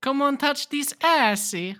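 A woman's voice: sits high, animated, a little slow, pushed and bright, no echo, clean studio sound, pitched above the performer's own voice, exaggerated voice. A woman putting on a hammy mock European accent. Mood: flirty mock.

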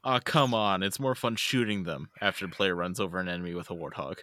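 A man's voice: low-pitched, quick pace, pushed and bright, no room sound, clean studio sound. A man co-hosting a casual podcast, laid-back, laughing often and swearing. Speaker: podcast co-host. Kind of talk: casual chat.

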